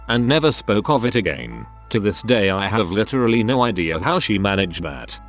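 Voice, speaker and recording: Lively low-voiced male story narrator. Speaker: narrator of reader-submitted stories. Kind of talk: scripted narration.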